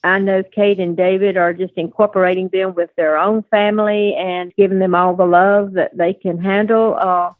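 A woman's voice: mid-range voice, steady tone, moderate pace, hardly any pauses, dry recording. Older Southern-accented woman, anecdotal interview guest, phone-line quality. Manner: storytelling, warm anecdotes with fillers. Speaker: guest, adoptive mother. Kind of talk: conversational interview.

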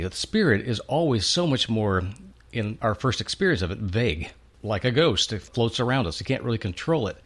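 A man hosting a conversation about faith, reflective and thinking aloud. His voice sits fairly low. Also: lively intonation, a little fast, husky. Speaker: host. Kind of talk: faith podcast interview.

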